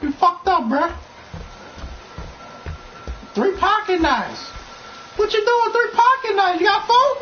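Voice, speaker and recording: A woman trash-talking loudly over her gameplay, shouting and laughing at the screen. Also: very high voice, sing-song, slow pace, long pauses. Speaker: gamer. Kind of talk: loud gameplay commentary. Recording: dull capture with game music.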